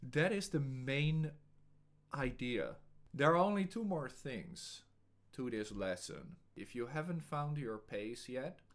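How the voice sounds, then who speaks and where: A man teaching as an English speaking coach, talking calmly and deliberately with a pause every few words. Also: mid-range voice.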